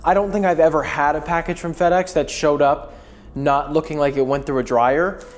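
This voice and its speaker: A man's voice: a little high, fairly even intonation, normal speed, slight background noise. A young American man chatting in a casual vlog at home, dramatic and self-mocking, swearing as he talks. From United States. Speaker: streamer and vlogger. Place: at home, setting up a computer.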